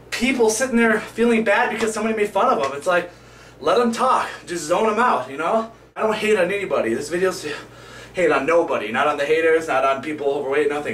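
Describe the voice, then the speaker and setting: A man talking casually to the camera in a vlog, animated and playful as he hypes himself up for his viewers. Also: high-pitched, slight background noise. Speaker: vlogger. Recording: echoey room, camera at a distance.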